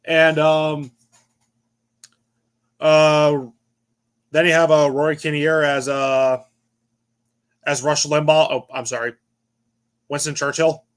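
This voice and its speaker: A man's voice: a little high, little pitch movement, takes it slowly, pauses often, smooth. A tired man giving a casual movie review on a panel, rambling and restarting his sentences. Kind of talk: casual chat.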